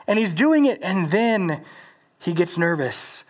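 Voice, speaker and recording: A preacher giving a casual, animated sermon in slangy, conversational talk. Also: mid-range voice, unhurried.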